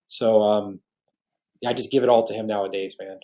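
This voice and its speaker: In his forties and from New York, this podcast guest gives an earnest, emotional testimony of faith, with many restarts. His voice is fairly low, mellow and steady, and his pace moderate.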